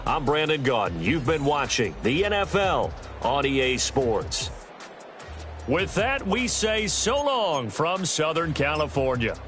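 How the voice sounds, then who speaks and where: A man calling plays as a football announcer, brisk and punchy, recorded for a video game. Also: on the high side, very animated, a bit bright, faint music behind. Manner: brisk, punchy play calls. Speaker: play-by-play announcer. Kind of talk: scripted sports commentary for a football video game.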